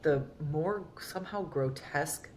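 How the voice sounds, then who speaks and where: Her voice sits low and unhurried over a bit of hiss or hum. She's an actress guesting on a podcast, talking candidly and rambling through easygoing interview chat, packed with "like" and filler words.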